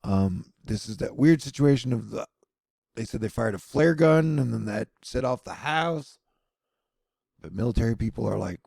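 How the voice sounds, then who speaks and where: Man, sardonic news rambles, gravelly voice, husky tone. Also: medium pitch, expressive, moderate pace, darkish tone, no room sound. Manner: sardonic, rambling, self-mocking asides. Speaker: news commentary vlogger. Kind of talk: casual rambling news commentary.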